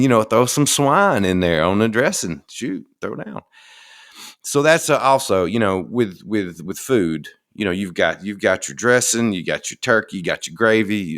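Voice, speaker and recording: A man's voice: deep voice, a bit bright. A middle-aged man with a Southern American accent, talking in a folksy, rambling and enthusiastic way as a podcast host. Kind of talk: casual monologue.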